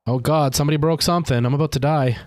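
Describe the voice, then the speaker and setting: A man livestreams a game, anxious and jumpy, talking to himself under stress and sometimes sinking into a nervous whisper. He speaks very fast in a fairly high voice with fairly even intonation.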